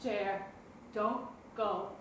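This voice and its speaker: An actress playing a woman softly pleading with a man not to leave. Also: mid-range voice, very slow. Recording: very echoey, distant, faint noise.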